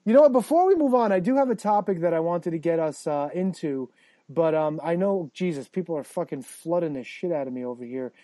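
High-pitched guy hosting a podcast, cursing a lot, mellow voice, dead dry sound. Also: fairly quick, no room sound. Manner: profane, excitable, rambling. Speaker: podcast host. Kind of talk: casual chat.

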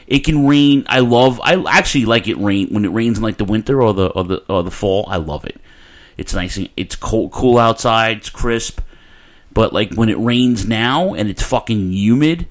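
A man, hosting a casual podcast chat in a rambling, profane, animated way. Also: lowish voice, moderate pace. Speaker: podcast host.

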